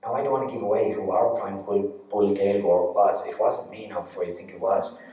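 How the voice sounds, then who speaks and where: Brisk and warm, a low-leaning male voice with fairly even intonation delivers cheeky comic stories in an Irish accent. It's a live storytelling set on an arts centre stage. A far-off microphone captures the echo of the hall.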